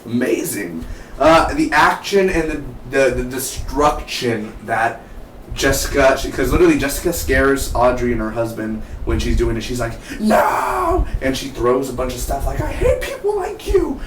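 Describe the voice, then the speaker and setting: A man's voice: mid-range voice, moderate pace, fairly bright tone. A young man casually reviewing a TV episode, rambling and chatty with many restarts. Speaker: TV show reviewer. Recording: roomy, distant mic, faint hiss.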